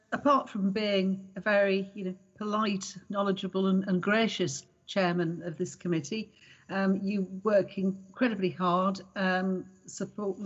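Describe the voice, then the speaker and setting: A councillor speaks briskly and politely in an online meeting. The voice is mid-pitched, and the audio is dull. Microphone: video call. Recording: dull lo-fi video call audio.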